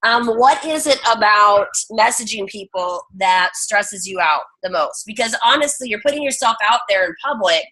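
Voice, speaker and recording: A woman's voice: medium pitch, expressive, normal speed, few pauses, pushed and bright, poor audio. A woman hosting a coaching team call in a casual, chatty and encouraging way, teasing participants as she calls on them.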